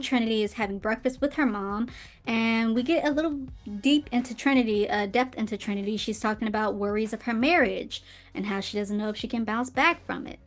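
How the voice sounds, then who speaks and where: Chatty woman recapping a film. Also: on the high side. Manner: chatty, with many fillers and quick asides. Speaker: podcast host. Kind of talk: casual film recap commentary. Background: faint intro music.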